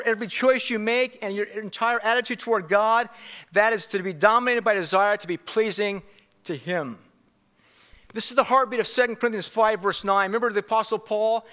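Bright-voiced emphatic male preacher. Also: sits high. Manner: emphatic, repeats key phrases. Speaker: pastor. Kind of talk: sermon.

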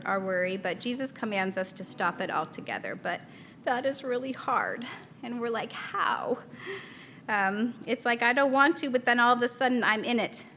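A woman's voice: mid-range voice, a bit bright. A woman in her thirties teaching a Bible study in a chatty, casual way, laughing often and acting out a toddler's small voice.

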